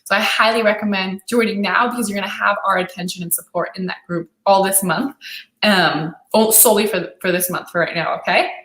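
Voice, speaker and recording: A woman's voice: medium pitch, steady tone, brisk, fairly bright tone. Enthusiastic woman coach in an echoey room. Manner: enthusiastic, encouraging, reads viewer comments aloud. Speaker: dating and relationship coach. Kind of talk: live-stream Q&A chat.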